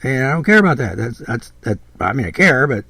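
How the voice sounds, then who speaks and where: A man's voice: mid-range voice, very animated, a little fast, bright, forceful tone, no echo. A man in his seventies giving a blunt, rambling podcast monologue, repeating himself and swearing freely. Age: 70s. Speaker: podcast host.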